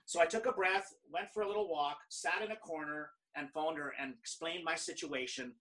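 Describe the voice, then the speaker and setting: A middle-aged man from Canada, a professional speaker, telling stories in an animated, conversational way and acting out other people's lines. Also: a little high, moderate pace, distant mic, low-quality recording. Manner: animated, quotes others in lively dialogue. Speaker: guest speaker. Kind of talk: conversational storytelling.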